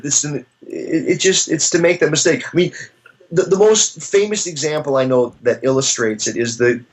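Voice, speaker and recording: A man, a professor, talks through philosophical ideas in a conversational interview, searching for his words and reaching for stories to make his points. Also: medium pitch. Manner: thoughtful, searching, with frequent restarts and storytelling asides.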